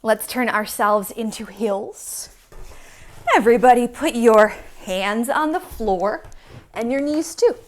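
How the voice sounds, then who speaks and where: A woman's voice: on the high side, slow pace. Playful woman leading kids yoga. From Michigan. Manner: playful, animated, talking to small kids. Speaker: yoga teacher for young children.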